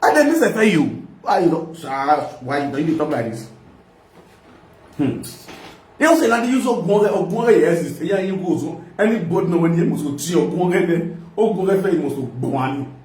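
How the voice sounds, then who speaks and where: A man with a Nigerian accent hosting a live video, giving a loud, sing-song political rant that mixes pidgin and local languages. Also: sits high, lively intonation, normal speed, distant mic. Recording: echoey room.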